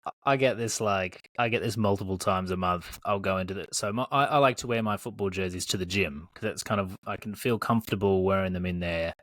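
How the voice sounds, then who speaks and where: A man in his thirties, a podcast co-host telling animated stories in casual chat, swearing and acting out what people said. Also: low voice, fairly quick, no room sound. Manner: animated storyteller, swears, acts out his own quoted lines.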